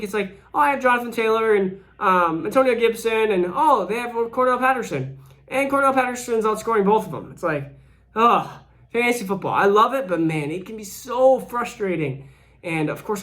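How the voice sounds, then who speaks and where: A man's voice: high voice, fairly bright tone. A man in his thirties, a channel host, giving casual solo fantasy football commentary while out of breath from recovering, rambling with many restarts. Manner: rambling, frequent restarts and fillers.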